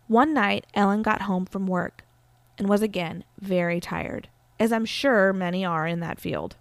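A woman's voice: medium pitch, unhurried, dry recording. Chatty woman telling a true-crime story. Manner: chatty, uses fillers like "like". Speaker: podcast host.

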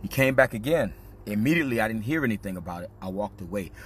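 Low-voiced man telling a candid story. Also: expressive, fast, a little hiss or hum. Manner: casual slang-heavy, reflective and confessional. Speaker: podcast host.

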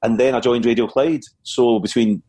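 Husky Scottish man telling stories. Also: medium pitch, moderate pace. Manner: chatty, stumbling restarts, lively anecdotes. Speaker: comedian and guest. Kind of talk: storytelling in an interview.

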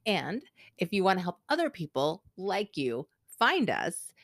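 A woman's voice: on the low side, big pitch swings, unhurried, fairly bright tone, dry recording, clean studio sound. A woman hosting a podcast, chatting casually in a rambling way and laughing often. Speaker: podcast host. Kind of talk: casual chat.

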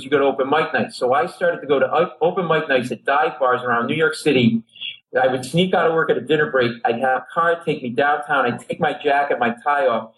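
A man's voice: medium pitch, poor audio. A middle-aged man from Rhode Island, a comedian telling a long story on a talk show and acting out the people in it. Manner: animated, acts out characters in his stories. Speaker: comedian guest.

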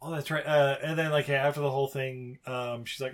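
A man's voice: medium pitch, fairly even intonation, a little fast, hardly any pauses. A man co-hosting a podcast, rambling casually through a film plot with lots of fillers. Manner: rambling, many fillers, acts out characters. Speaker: podcast co-host.

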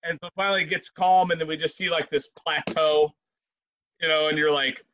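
A man in casual conversation, telling a story in a profane, animated way with frequent laughs. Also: on the high side, brisk, a little hiss or hum. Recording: dry, dull lo-fi sound.

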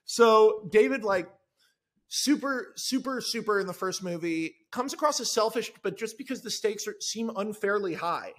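Excitable, high-voiced man. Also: moderate pace. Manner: excitable, rambling, many "like"s. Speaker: podcast guest, screenwriter. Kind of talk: casual chat.

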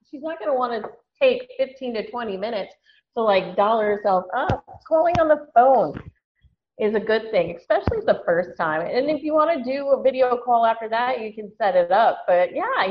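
Woman guest, chatty and frank, higher voice, slightly dull line with faint hiss. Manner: chatty, frank, laughs often. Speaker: dating venture founder, guest. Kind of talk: casual podcast chat.

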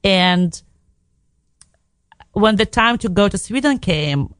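A woman talks candidly on a radio show, frank and emotional, dropping the odd swear word and restarting her sentences as she goes. Her voice sits at a middle pitch for a woman. The studio sound is dry and close. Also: animated, slow pace, a bit bright, clean tone, dry recording. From Belarus. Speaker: radio guest. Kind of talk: candid personal storytelling.

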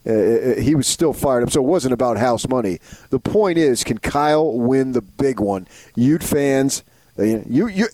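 A man's voice: mid-range voice, darkish tone, no room sound. Man, sports radio co-host, casual chat, enthusiastic, rambling, dry studio sound. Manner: enthusiastic, rambling, repeats himself.

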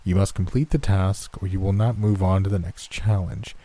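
A man voicing a bored, aloof wealthy company head in a spoken horror story, speaking in a flat monotone. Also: deep voice, normal speed, no echo.

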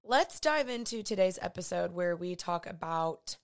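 A woman's voice: on the low side, expressive, normal speed. Earnest young woman podcasting. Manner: chatty, earnest and emotional, says y'all. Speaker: podcast host. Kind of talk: casual podcast monologue.

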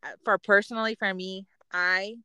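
A woman, co-hosting a casual chat, candid and chatty and quick to laugh at herself. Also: medium pitch, steady tone, sharp tone, clear, resonant tone, dry recording. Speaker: podcast co-host, military spouse.

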